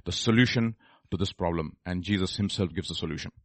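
A man preaching a sermon, moving between low murmured asides and loud, high exclamations and questions to the congregation. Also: fast talker, no echo. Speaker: pastor.

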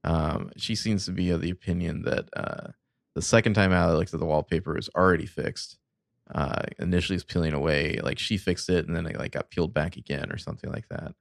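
A laid-back man co-hosts a podcast, taking his time with frequent uhs and a dry sense of humor. His voice is very low with a gravelly fry, and the sound is close and dry. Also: fairly even intonation, fairly quick, no room sound. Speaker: podcast co-host. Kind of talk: casual chat.

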